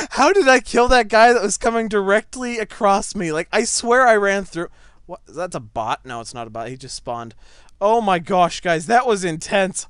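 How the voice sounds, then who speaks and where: Young man, gaming commentary, high lively voice, smooth and clear, dry close sound, excitable. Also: moderate pace, dry recording. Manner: excitable, yelps and laughs at big moments. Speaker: gaming channel host. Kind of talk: gameplay commentary. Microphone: desk microphone set back a little.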